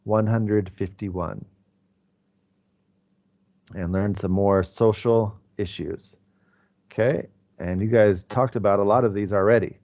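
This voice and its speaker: A man's voice: fairly low pitch, steady tone, slow, pauses often, darkish tone, lo-fi sound. A male English teacher explaining pronunciation to his class in a conversational way, with fillers.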